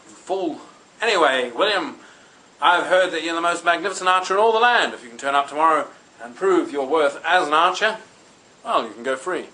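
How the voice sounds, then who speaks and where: A man's voice: on the high side, lively intonation, a little fast, sharp tone, low-quality recording. A man voicing a bossy, officious male soldier who scolds and lectures.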